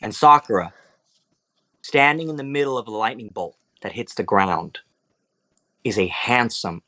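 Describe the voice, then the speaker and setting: Brief: young male game master, relaxed narration with fillers. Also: lowish voice, measured pace, dry recording. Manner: casual, loose, many fillers.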